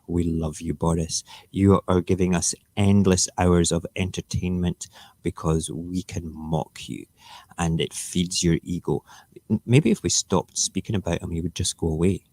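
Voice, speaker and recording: A man's voice: sits low, dark tone, no room sound. A man who hosts a casual morning live stream, ranting emphatically and sarcastically. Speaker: live-stream show host.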